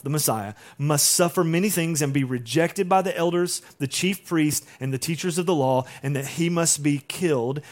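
Conversational man preaching a sermon. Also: on the high side. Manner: conversational, uses rhetorical questions and acted-out quotes. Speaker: pastor.

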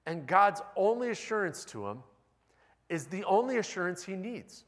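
A man's voice: sits high, sing-song, moderate pace, fairly bright tone. A male pastor giving a conversational sermon with wry, self-deprecating humor. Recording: long reverb of a large hall.

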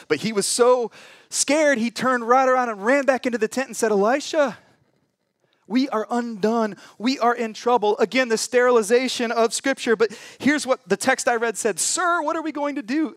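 A man preaching a sermon in a church, telling a scripture story with humorous asides and big swings between loud and hushed delivery. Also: no room sound, clean studio sound. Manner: dramatic storytelling with wide swings in pitch and volume. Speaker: pastor.

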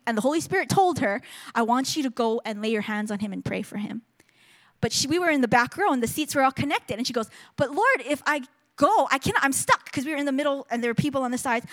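A woman's voice: sits high, expressive, fast. A woman telling a testimony at a church service, earnest and storytelling, often restarting her sentences. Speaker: speaker sharing a testimony. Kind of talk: sermon testimony.

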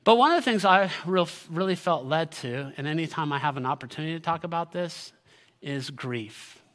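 A man's voice: a little high, lively intonation, moderate pace, fairly bright tone. A man giving a sermon as a pastor, earnest and direct, building to emphatic peaks. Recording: long hall reverb.

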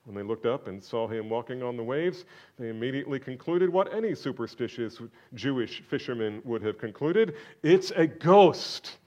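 A man preaching a sermon, swinging from loud, exclaiming questions to hushed, almost whispered lines. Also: medium pitch, animated, a little fast, lo-fi sound. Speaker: pastor.

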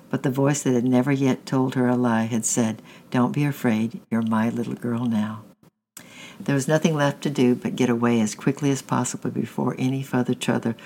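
A man reading a storybook chapter aloud in a steady narration, often correcting himself mid-phrase. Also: mid-range voice, creaky, a little hiss or hum, low-quality recording. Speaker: audiobook reader.

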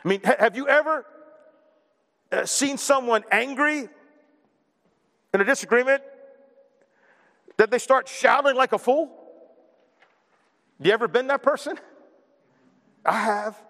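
A man preaching a sermon as a pastor, animated and asking his listeners questions along the way. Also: extremely high pitch, measured pace, pauses often, big-room sound. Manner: animated, asks the congregation questions.

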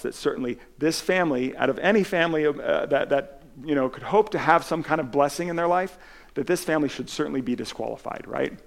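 A man's voice: medium pitch, vocal fry. A man pastor giving a conversational sermon, telling stories with many restarts and filler words.

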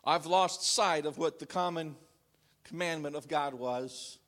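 A male pastor with a higher-pitched voice delivers an unhurried sermon. He swings dramatically from loud proclamations to quiet, confessional asides.

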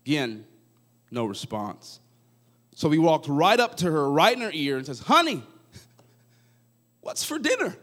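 A man in his thirties preaching a sermon, moving between hushed asides and rising, fervent prayer as he tells stories. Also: on the high side, big pitch swings, moderate pace, pauses often. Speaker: pastor.

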